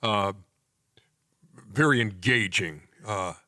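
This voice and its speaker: A man's voice: lowish voice, slow pace, sharp tone, dry recording, studio quality. A middle-aged man hosting a podcast, teasing his co-host and steering the casual chat with questions. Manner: teasing, questioning, leads the conversation.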